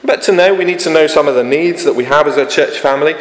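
A man's voice: fairly high pitch, fast talker, reverberant, long reverb tail, a little hiss or hum, poor audio. A man preaching a sermon as a vicar, earnest and conversational, with frequent fillers and restarts. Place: church.

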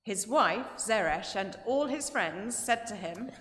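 A woman's voice: medium pitch, takes it slowly. Woman reading scripture in church. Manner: steady, formal reading. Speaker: scripture reader. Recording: echoey church hall with long reverb.

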